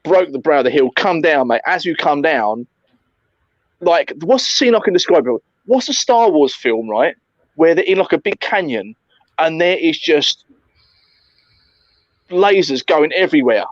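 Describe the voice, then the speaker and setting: A man recounting an airsoft game in casual chat, animated, swearing often and calling his friend mate. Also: fairly high pitch, normal speed, no room sound, dull audio.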